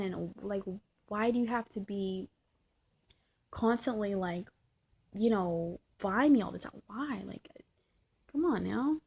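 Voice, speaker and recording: Husky woman venting in a rambling rant. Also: fairly high pitch. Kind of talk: casual vlog rant.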